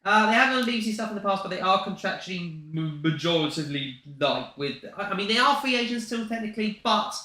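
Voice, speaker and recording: Young male co-host, casual banter, very bright tone, echoey room. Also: high-pitched, expressive. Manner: chatty, quick to joke. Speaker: livestream co-host. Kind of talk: casual chat.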